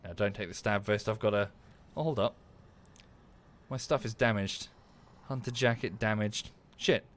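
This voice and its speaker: Here a man with a lowish, slightly bright voice talks at a normal speed. A game streamer with an Estuary English accent from southern England, he chats casually while playing on a livestream, thanks viewers by name, and swears at the game under his breath.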